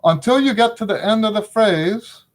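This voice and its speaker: A man's voice: sits high, normal speed. A middle-aged man teaching trumpet in a casual spoken lesson, frank and opinionated, often checking in with the listener.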